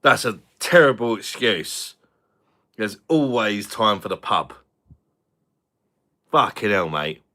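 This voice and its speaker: A man's voice: lowish voice, big pitch swings, slow pace, long pauses, pushed and bright. A man chatting crudely with viewers on a beer review livestream, swearing and laughing often. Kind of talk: casual livestream chat.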